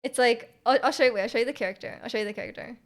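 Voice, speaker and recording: A woman with a Canadian accent, chatting casually with viewers on a stream, full of fillers and restarts and quick to laugh. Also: on the high side. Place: home room.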